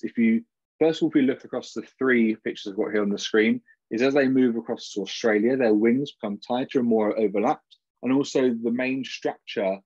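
A man's voice: mid-range voice, a little mellow, breathy edge, no room sound. A young British man, a PhD student, gives an informal and jokey academic talk over a video call. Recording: dull, dry video call audio.

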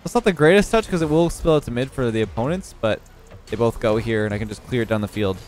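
A young man casually commentating his own match, relaxed and analytical, sleepy and yawning as he has just woken up. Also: medium pitch, fast talker, faint music behind.

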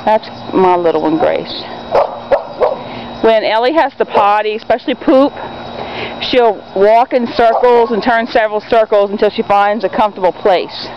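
A woman films her dogs in a yard on a handheld camera, cooing and calling to them in a high sing-song voice and chatting to viewers in a casual home video. She speaks at normal speed. The dull lo-fi audio carries heavy background noise from loud barking dogs.

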